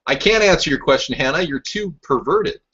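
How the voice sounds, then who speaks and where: A man's voice: a little high, expressive, fairly quick, sharp tone, slightly rough, muffled recording. A man hosting a rambling political talk show, answering live chat in a combative, mocking and sarcastic way.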